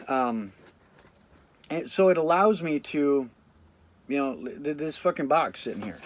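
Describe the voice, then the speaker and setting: A man's voice: mid-range voice, lively intonation, measured pace, long pauses, slight background noise. A man in a casual video talking to camera, blunt, reflective and full of swearing, tired after staying up without sleep. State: fatigued after a sleep deprivation study. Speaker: vlogger.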